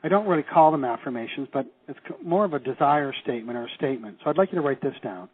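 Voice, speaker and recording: A middle-aged Canadian man teaches a live seminar in a racing, medium-pitched voice with a breathy edge. He's lively, quizzing the class and acting out the reactions he describes, while the audio sounds tinny, like a phone.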